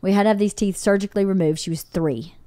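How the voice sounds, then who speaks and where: A middle-aged woman chatting on her podcast, full of lively storytelling energy. She acts out the people in her anecdotes and swears freely. The sound is close and dry, with no room around it. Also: medium pitch, fast, no echo. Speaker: podcast host. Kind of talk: casual chat, storytelling.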